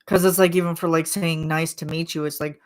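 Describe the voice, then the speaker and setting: A woman's voice: deep voice, little pitch movement, brisk. A woman hosting a casual chat vlog, rambling with lots of filler words and frequent laughs. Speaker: channel host.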